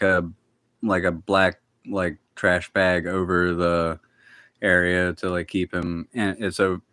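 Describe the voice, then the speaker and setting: A man's voice: sits low, a bit bright, clean tone, no room sound. A man hosting a casual livestream from his backyard at night on a phone, rambling and talking to his pets. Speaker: livestream host.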